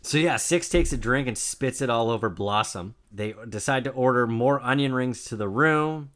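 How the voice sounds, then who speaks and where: A man's voice: medium pitch, normal speed, fairly bright tone. Laid-back man recapping a show. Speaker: podcast co-host. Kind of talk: casual chat recapping a TV episode.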